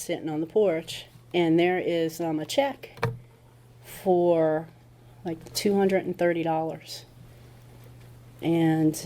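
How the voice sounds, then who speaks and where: A woman's voice: lowish voice, warm tone, slight background noise. A woman speaking at a recovery meeting, telling her story in a casual conversational way and acting out what people said. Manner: conversational storytelling with acted-out quotes. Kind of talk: personal testimony talk.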